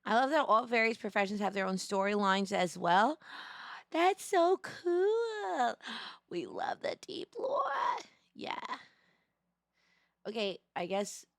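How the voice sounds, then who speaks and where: A woman's voice: mid-range voice, expressive, unhurried, fairly bright tone, no echo. A woman streamer reacting live to a game, gushing and squealing over how cute everything is.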